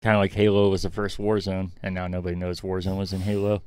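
A man co-hosting a casual gaming podcast, talking in an excitable, chatty way with lots of "like" fillers. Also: sits low, quick pace, clear, resonant tone. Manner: chatty, excitable gamer talk with frequent "like" fillers. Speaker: podcast co-host. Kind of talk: casual chat.

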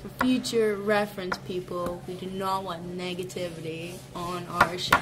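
A woman's voice: on the low side, little pitch movement, moderate pace, over a noisy crowd. Sassy woman co-host in a coffee shop. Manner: emphatic, sassy. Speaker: podcast co-host. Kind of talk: casual chat.

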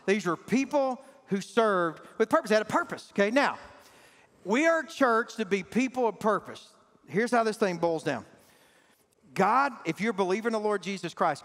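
Speaking emphatically and calling out to his congregation, a Southern US pastor preaches a sermon in a high, slightly bright voice. The recording comes from a large church sanctuary, with reverberant hall acoustics and faint music underneath.

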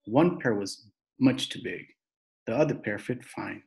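A man reading a children's chapter book aloud in a plain, steady narrating voice. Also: on the low side, measured pace, vocal fry. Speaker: reader.

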